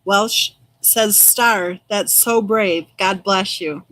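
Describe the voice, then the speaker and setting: Reading her live chat aloud, a middle-aged true crime host answers viewers warmly by name in a chatty, casual stream. She speaks very slowly at a medium pitch, and the recording is rough.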